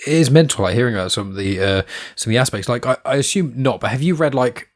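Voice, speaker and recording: A man's voice: medium pitch, expressive, quick pace. A man hosting a podcast, asking curious questions in casual chat. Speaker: podcast host.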